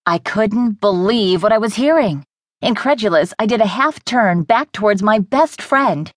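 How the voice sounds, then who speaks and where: A woman narrating a romance novel in the first person, in a measured, intimate way. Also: mid-range voice, lively intonation, dry recording, studio quality. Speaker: audiobook narrator.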